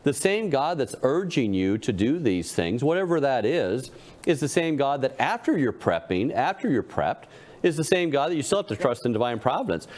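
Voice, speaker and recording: A man's voice: medium pitch, very animated, moderate pace, a little mellow. A man co-hosting a panel talk, telling a folksy joke and acting out its characters. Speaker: co-host. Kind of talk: casual panel talk with storytelling.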